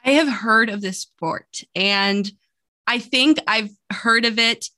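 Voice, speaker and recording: A woman co-hosting a podcast in casual chat, chatty and quick to laugh. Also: on the high side, pushed and bright. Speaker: podcast co-host.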